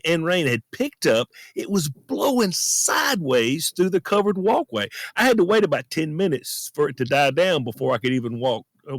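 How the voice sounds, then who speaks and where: A man's voice: on the high side, no echo. A man hosting a podcast, telling a personal story in an earnest, folksy and self-deprecating way, recorded in a friend's closet. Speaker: podcast host.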